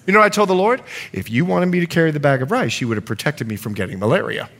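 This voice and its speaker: Middle-aged pastor guy preaching, storytelling, voice jumps up and down a lot, kinda high. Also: very fast. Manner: storytelling with lively acted quotes. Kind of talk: sermon.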